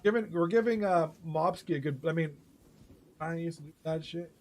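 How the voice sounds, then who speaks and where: A man's voice: a little high, normal speed. A man hosting a live stream, chatting casually, laughing often, swearing freely and reading chat aloud. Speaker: host of an online hockey game league stream.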